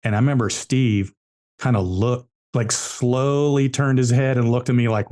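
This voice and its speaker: An entrepreneur appears as a podcast guest, answering with business stories told emphatically and driving his main points home through repetition. His mid-range voice is steady and darkish, and he speaks briskly.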